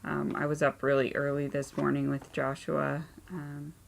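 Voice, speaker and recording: A woman in her thirties hosting a knitting podcast at home, chatting casually with lots of ums, tired and low-key. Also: monotone, moderate pace, vocal fry, a little hiss or hum. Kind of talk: casual chat. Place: home craft room and playroom.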